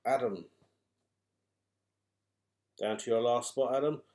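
A man hosting a live raffle draw, calling out numbers and names in a chatty, wry, unhurried way. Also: mid-range voice, background noise. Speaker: raffle host drawing numbered balls.

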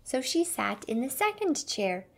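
A woman reading a fairy tale aloud slowly and carefully for English learners. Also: high-pitched, big pitch swings. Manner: clear, careful storybook reading. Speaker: English teacher reading a story.

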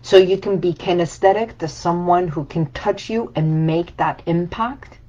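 A woman coach speaking slowly and deliberately in a slightly low voice. She is reflective, repeating and layering her phrases like a list. The recording sounds dull and lo-fi. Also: mellow. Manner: reflective and repetitive, building phrases in lists. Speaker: healing coach. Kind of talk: motivational talk.

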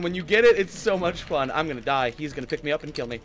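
Male gamer, raised pitch, panicky let's-play commentary, game music faint behind. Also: very animated, normal speed, fairly bright tone. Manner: frantic pleading and swearing at the game. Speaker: gaming YouTuber.

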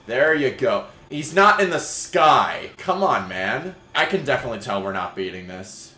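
A young man doing gameplay commentary, swearing and yelling sarcastically at his teammates. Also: mid-range voice, very animated, normal speed, echoey room, faint music behind. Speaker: gaming YouTuber.

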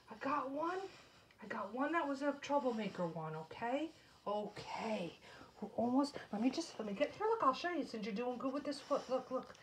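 This dog owner talks her jittery pet through a nail trim at home, pleading and calming it, with a firm scolding here and there. She has a high, expressive voice at a moderate pace, with slight background noise and poor audio quality.

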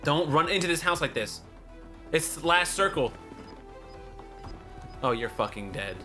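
A young gaming commentator with a high, bright voice that swings widely in pitch. He spectates other players and curses them out as garbage, repeating warnings again and again. His delivery is loose and full of profanity. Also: expressive, unhurried, soft background music. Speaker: gaming YouTuber.

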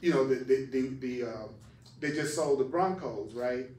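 A man's voice: medium pitch, moderate pace, a little mellow, a little hiss or hum. A man teaching a spiritual class emphatically, repeating phrases for stress. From United States. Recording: echoey room, voice far from mic.

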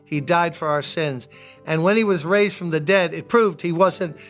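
Emphatic older male pastor, bright voice. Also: moderate pace, soft background music. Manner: emphatic, repeats key words, rising to high pitch on appeals. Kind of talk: sermon.

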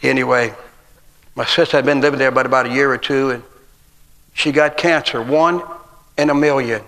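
Folksy preacher in a reverberant church. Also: male voice, medium pitch, steady tone, brisk, fairly bright tone. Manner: folksy, humorous storytelling with acted quotes. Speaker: guest preacher. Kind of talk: sermon with personal stories. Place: church sanctuary. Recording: long church hall reverb.

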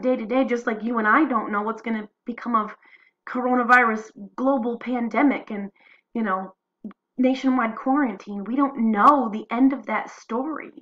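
A woman's voice: fairly high pitch, muffled recording. A woman teacher reading diary entries aloud in an earnest way, then talking loosely about them with plenty of fillers.

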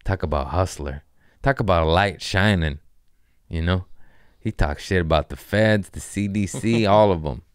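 A man's voice: low-pitched, normal speed, smooth, no room sound, studio quality. A man around forty hosting his own podcast, riffing loosely and jokingly in casual, profane chat. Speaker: comedian podcast host.

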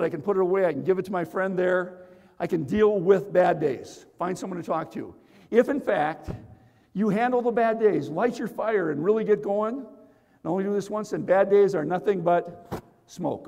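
High-voiced, fired-up male keynote speaker. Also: gravelly. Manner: energetic storytelling, shouts to the crowd. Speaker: motivational speaker. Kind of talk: live motivational keynote. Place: large conference hall. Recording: long reverb of a big hall.

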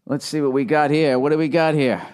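American man in his forties, podcast host, rambling profane comedic monologue, high-pitched mocking asides, fairly high voice. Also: fairly even intonation, a little fast, a little mellow, smooth. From United States. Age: 40s.

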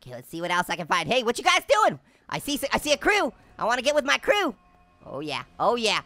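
A hyper cartoon orange cracks puns and giggles through a game, his voice pitched high and swinging wildly up and down. It has a bright, gravelly edge. The delivery is loud and exclamation-heavy. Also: huge pitch swings, fast talker, no echo, exaggerated voice. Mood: gleeful. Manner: punning, giggly, constant exclamations. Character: wisecracking male talking orange, hyper and giggly. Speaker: gaming channel host. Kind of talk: cartoon let's-play commentary in character.

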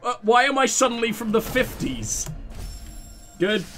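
A man hosting a let's play, giving excitable, self-mocking game commentary full of swearing. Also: extremely high pitch, unhurried, faint music behind.

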